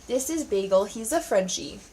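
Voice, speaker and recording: A woman's voice: fairly high pitch, expressive, moderate pace, warm tone. A woman giving a casual, sarcastic spoken review of a TV show from home, talking in a chatty way full of "like". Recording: distant from the mic, faint background noise.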